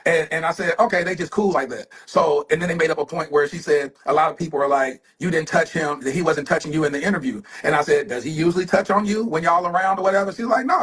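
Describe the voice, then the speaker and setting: A man's voice: on the high side, a bit bright, breathy edge. A man telling a story in conversational podcast talk, quoting others as he goes.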